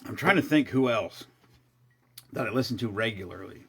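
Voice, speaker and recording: A man's voice: on the low side, lively intonation, normal speed, gravelly, breathy edge. A man chatting casually and telling a story, rambling and restarting his sentences often, with blunt, profane asides. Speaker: show regular. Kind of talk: casual chat.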